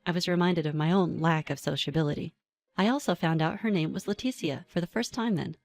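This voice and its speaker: Calm woman narrating a story. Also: fairly low pitch, brisk, creaky. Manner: calm, even storytelling with dry asides. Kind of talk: first-person story narration.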